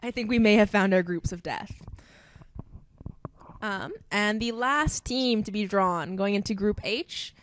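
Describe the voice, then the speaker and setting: A woman's voice: mid-range voice, unhurried, a little hiss or hum. A young woman presenting a sports group draw in a casual, chatty way, laughing often between team names. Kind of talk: casual live announcing.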